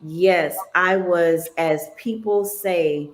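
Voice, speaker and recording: A woman's voice: on the low side, very slow, a little hiss or hum. A woman hosting a talk show, chatting in an affirming, conversational way. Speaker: show host.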